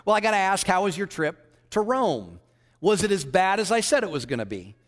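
A dismissive know-it-all beautician, played by a man telling a joke from the pulpit. She scoffs at every plan in a high, swooping voice. The sound rings with long reverb from a large hall. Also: sing-song, fairly quick. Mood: mocking.

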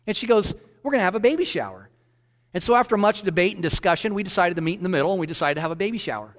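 Guy preaching in church, animated storyteller, bit high pitched, long hall echo. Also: very fast. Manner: animated storyteller, quoting others in dialogue. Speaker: pastor. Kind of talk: sermon storytelling.

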